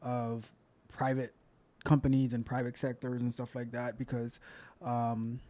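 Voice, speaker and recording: A man's voice: medium pitch, completely flat delivery, measured pace, dark tone. A man hosting his coding channel, talking in a loose, rambling way and repeating himself as he comments. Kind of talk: casual reaction commentary.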